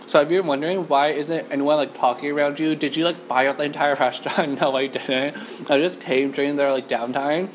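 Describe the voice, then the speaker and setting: A woman's voice: sits low, steady tone, brisk, slight background noise. A woman from Canada hosting a chatty mukbang eating show in an empty restaurant, talking to the camera with lots of "like" fillers. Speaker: mukbang host.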